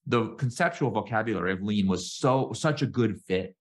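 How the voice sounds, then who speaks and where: A man's voice: on the low side, normal speed. A middle-aged man, a guest entrepreneur on a podcast, telling stories in casual conversation and acting out quoted exchanges with a raised voice. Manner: animated storyteller, acts out quoted exchanges in a raised voice.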